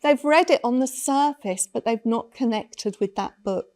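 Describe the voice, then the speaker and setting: This conference panelist, a woman who speaks on children's literature, recounts stories with earnest reflection. Her fairly high voice is a little mellow and moves at a normal speed.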